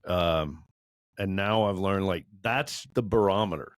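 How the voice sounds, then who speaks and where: A man's voice: low-pitched, unhurried, no room sound, clean studio sound. A man in his forties sharing his own story in a candid group discussion, earnest and self-deprecating, laughing now and then. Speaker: podcast panelist.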